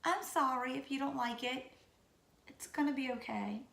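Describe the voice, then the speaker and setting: A woman in her late thirties from Louisiana, with a Louisiana accent, who sounds raspy and sick, chatting casually and goofily to camera about herself. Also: sits high, moderate pace, fairly bright tone, echoey room. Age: 30s. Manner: goofy, chatty. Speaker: vlogger. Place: room at home.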